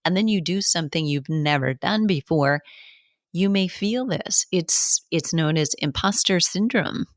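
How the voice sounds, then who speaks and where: A woman's voice: lowish voice, measured pace, no room sound, studio quality. A woman who hosts a fitness business podcast, giving casual advice in a conversational way with restarts and short laughs.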